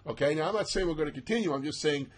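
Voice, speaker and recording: Casual market talk over charts comes from a husky-voiced male analyst whose pitch sits a little high. He's brisk, animated and emphatic, and he pokes fun at himself along the way.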